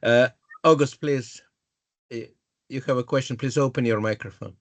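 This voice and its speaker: A man moderating the session, speaking slowly and in a measured way. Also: mid-range voice.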